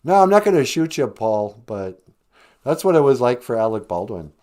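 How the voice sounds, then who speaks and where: Comic podcast host, male, meandering and dry, very animated pitch. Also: normal speed. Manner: deadpan, sarcastic, meandering. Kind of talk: rambling comic podcast talk.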